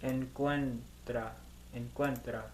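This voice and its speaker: A man's voice: mid-range voice, fairly even intonation, slow, roomy sound, slight background noise. A man who is a student in a language lesson, giving tentative answers and correcting himself.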